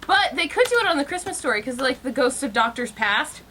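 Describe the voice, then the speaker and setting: A woman's voice: high-pitched, sing-song, brisk, bright, forceful tone, a little hiss or hum. A woman co-hosting a casual podcast, bubbly and laughing a lot, eagerly pushing her favourite shows on the others. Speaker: podcast co-host. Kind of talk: casual chat.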